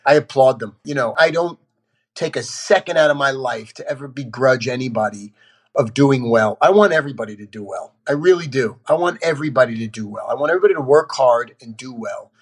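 An actor appearing as a podcast guest speaks in a husky, medium-pitched voice at a slightly fast clip. He tells candid stories bluntly and with animation, swearing casually as he goes.

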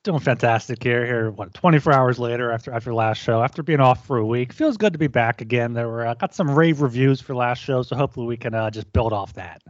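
A man co-hosting a casual sports podcast in a relaxed, easygoing way. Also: mid-range voice, quick pace, hardly any pauses, no room sound, dull audio. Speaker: podcast co-host.

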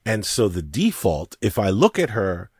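A man co-hosting a discussion, talking in an emphatic, animated way. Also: on the low side, a little slow, slightly rough, no room sound. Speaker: co-host. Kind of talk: casual discussion. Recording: dry close mic.

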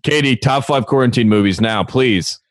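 A man's voice: mid-range voice, normal speed, dry recording, clean studio sound. A man co-hosting a casual podcast, joking with a wry sense of humor. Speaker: podcast co-host. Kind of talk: casual chat.

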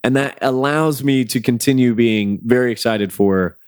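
A man's voice: medium pitch, moderate pace, darkish tone, smooth, no echo, clean studio sound. A man co-hosting a casual podcast, talking with enthusiasm and spinning playful theories. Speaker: podcast co-host.

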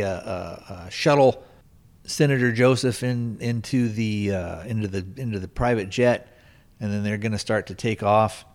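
A man hosting a podcast, casually retelling a film's plot in a rambling way, with many restarts and filler words. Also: lowish voice. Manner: rambling, lots of restarts and "you know". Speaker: podcast host reviewing a film.

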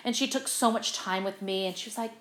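A middle-aged woman chats as an interview guest, spilling stories in an animated, filler-heavy way. Her voice sits at an ordinary pitch, and the room adds a noticeable echo. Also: fairly quick. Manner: animated, chatty, lots of fillers. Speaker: guest, stage actress. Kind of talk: casual interview storytelling. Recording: roomy echo.

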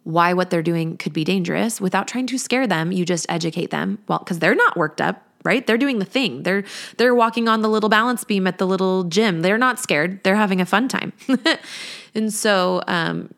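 A woman's voice: medium pitch, normal speed, vocal fry, a bit bright. A woman in her thirties, a parenting coach, talking candidly and chattily in a reflective podcast chat. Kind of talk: casual podcast talk.

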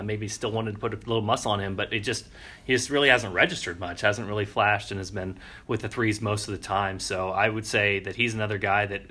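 A man's voice: fairly low pitch, bright, forceful tone. A man co-hosting a sports podcast, giving casual analysis in a conversational way and often restarting his phrases.

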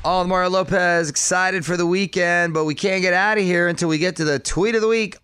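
A man's voice: high voice, fairly bright tone, smooth, dry recording, studio quality. A man hosting an entertainment radio show in a breezy, playful way. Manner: breezy, playful, quick banter. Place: studio.

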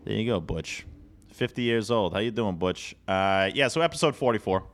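A man co-hosting a casual sports podcast, animated and jokey, slipping into bits of mock outrage. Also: fairly low pitch, moderate pace. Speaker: podcast co-host.

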